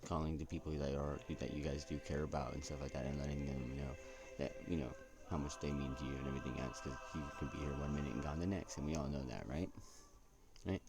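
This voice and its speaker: Deep-voiced man chatting casually. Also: steady tone, quick pace, over music. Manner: chatty, keeps asking "right?". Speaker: vlogger. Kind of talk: casual commentary to viewers.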